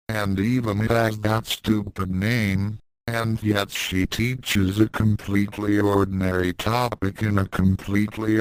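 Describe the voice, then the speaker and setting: A man's voice: lowish voice, slight background noise, rough recording. A man doing a brash, irritable young fighter. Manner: blunt, exasperated. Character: brash young male martial artist, irritable.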